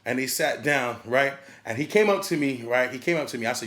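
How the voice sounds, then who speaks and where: A man's voice: medium pitch, a little fast, hardly any pauses, fairly bright tone. A man who works as a DJ, telling a story in casual podcast chat and acting out quotes and crowd hype.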